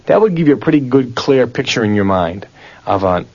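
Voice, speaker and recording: Guy teaching a memory course on tape, bouncy pitch, asks questions and repeats stuff, muffled old recording. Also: brisk, slightly rough. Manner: animated, questioning teacher, repeats words aloud. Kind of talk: recorded audio lesson.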